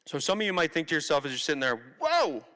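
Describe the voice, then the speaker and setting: A Canadian man in his twenties, a motivational speaker, tells students a candid personal story from a theatre stage. His fairly high voice is bright and pushed, racing along with lively intonation as he talks conversationally and acts out quotes. The hall recording is reverberant.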